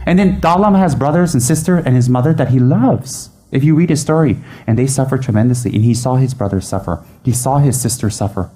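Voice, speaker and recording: A man teaching Buddhism in a chatty, animated way, often restarting his sentences. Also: fairly high pitch, quick pace, hardly any pauses. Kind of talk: informal dharma teaching.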